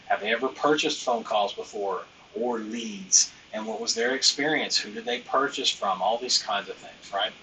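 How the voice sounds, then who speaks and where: A man's voice: lowish voice, moderate pace, hardly any pauses, recorded from a distance, background noise. A man hosting a business training live stream, talking loosely and emphatically, with lots of fillers and the odd bit of slang.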